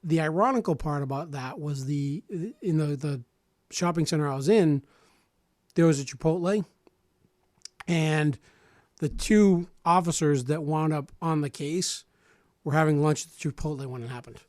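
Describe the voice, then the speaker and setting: A man in his forties telling a personal story in casual radio talk, animated and acting out other people's lines, often restarting and repeating words. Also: on the high side, normal speed, dry recording, studio quality. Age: 40s.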